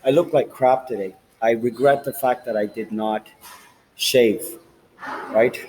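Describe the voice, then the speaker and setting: A man's voice: mid-range voice, steady tone, measured pace, a little mellow, poor audio. A man vlogging in a rambling, profane monologue with street slang, recorded on a handheld phone inside a large train station.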